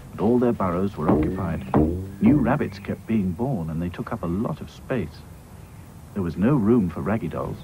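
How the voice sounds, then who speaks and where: A man narrating a children's cartoon in a gentle, unhurried storytelling manner. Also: sits low, background noise.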